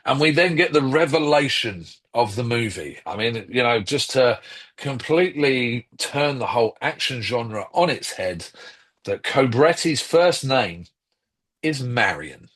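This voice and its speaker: Husky-voiced man rambling through a film review. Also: mid-range voice, animated, unhurried, fairly bright tone. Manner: rambling, lots of ums and restarts. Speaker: podcast co-host. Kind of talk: casual film review chat.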